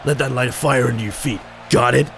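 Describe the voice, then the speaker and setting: A man playing a stern wrestling boss in a video game, talking low and clipped. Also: fairly even intonation, fast talker, creaky, a bit bright, a little hiss or hum. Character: gruff male wrestling boss, stern mentor.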